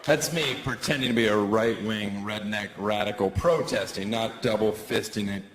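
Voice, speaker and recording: A man doing a stand-up comedy set on a club stage, talking animatedly and jumping into shrill put-on voices for his bits. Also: normal speed. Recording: roomy live club sound with crowd noise.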